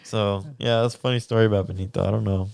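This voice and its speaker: A man's voice: fairly low pitch, steady tone, quick pace, gravelly, darkish tone, dry recording. A young man, co-hosting a podcast and telling a story in casual chat, laughing often and swearing casually. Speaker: podcast co-host.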